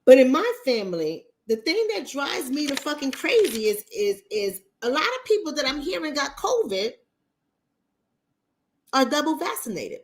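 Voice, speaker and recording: A woman with a Bronx accent, casually chatting with viewers on a livestream in a blunt, profane manner. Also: moderate pace. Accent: New York, Bronx. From New York, the Bronx. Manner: blunt, profane, animated, mimics others in high voices. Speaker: relationship coach and livestream host.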